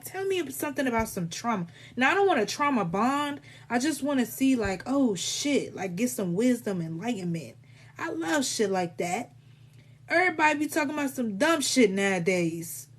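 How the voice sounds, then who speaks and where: A woman's voice: fairly high pitch, slightly rough. A woman doing a casual live tarot reading, talking in a blunt, rambling way full of swearing. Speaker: tarot reader.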